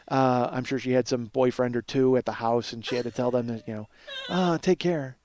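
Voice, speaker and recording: A man in his forties hosting a podcast and telling a comic story, profane and self-mocking, and he gets loud and worked up. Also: mid-range voice, flat delivery, a little fast, a little hiss or hum. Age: 40s. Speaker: podcast host.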